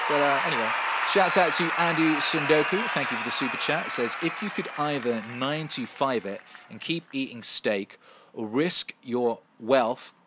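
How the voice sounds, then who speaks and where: Brief: male streamer, mid-pitch, swears a lot, animated, restarts often. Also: background noise. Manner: profane, animated, with frequent restarts and fillers. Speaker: livestream host answering viewer questions. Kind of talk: casual livestream chat.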